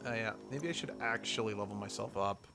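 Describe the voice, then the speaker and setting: A man's voice: fairly low pitch, fairly quick, gravelly, music in the background. A man streaming a video game, joking and irreverent as he comments on his play. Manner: joking, irreverent, self-mocking. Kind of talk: casual gameplay commentary.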